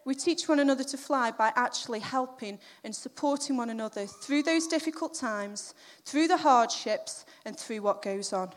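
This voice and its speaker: A woman's voice: fairly high pitch, normal speed, few pauses. A middle-aged woman giving a chatty, self-deprecating sermon built around a personal story, acting out the quotes. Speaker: preacher.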